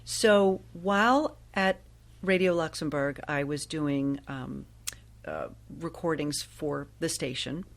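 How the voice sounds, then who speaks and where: A woman in her sixties from Ohio, a guest telling stories in a chatty, lively way with frequent laughs. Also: deep voice, takes it slowly, gravelly. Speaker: guest, actress and voiceover artist. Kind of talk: casual interview storytelling.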